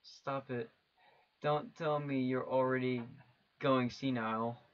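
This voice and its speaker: A man voicing a tired grown son who pleads softly with his mother. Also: mid-range voice, steady tone, slow pace, lo-fi sound, natural voice. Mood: pleading.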